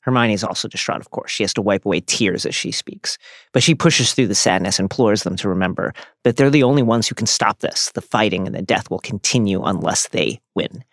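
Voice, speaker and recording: A man hosting a podcast, reading a scripted literary analysis in a steady, measured way. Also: fairly low pitch, gravelly, dry recording, clean studio sound. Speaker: podcast host.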